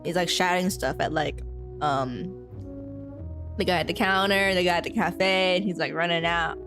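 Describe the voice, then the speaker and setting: A woman's voice: on the low side, fairly even intonation, normal speed. A woman narrates a tabletop adventure as game master. She giggles often and strings her scenes together with lots of fillers, over faint background music.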